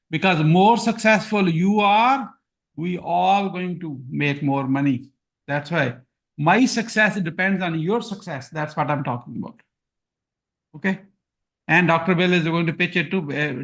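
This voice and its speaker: A man's voice: on the high side, fairly bright tone. A man with a Punjabi accent hosting a live course Q&A, repeating himself and reading chat comments aloud. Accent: Punjabi-accented English. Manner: self-deprecating, repetitive, reads chat aloud. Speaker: course host. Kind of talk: live Q&A webinar.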